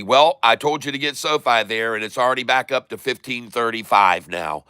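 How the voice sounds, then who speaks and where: Bright clear-voiced man calling out trades. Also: medium pitch, no room sound. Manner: running commentary, repeating tickers slowly. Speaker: stock trading streamer. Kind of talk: live day-trading commentary.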